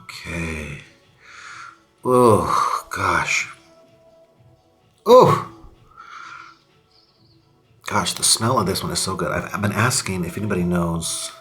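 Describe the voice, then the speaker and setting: A man's voice: sits low, measured pace, pushed and bright, faint music behind. A young man chatting casually as he tries out makeup on camera, upbeat and talkative, sometimes dropping to a whisper while he applies it. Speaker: beauty vlogger. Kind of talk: casual makeup tutorial chat.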